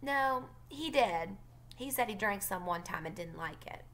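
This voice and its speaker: A woman's voice: mid-range voice, expressive, unhurried, fairly bright tone. A woman voicing a feisty, outspoken young girl who talks back indignantly. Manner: indignant and defiant.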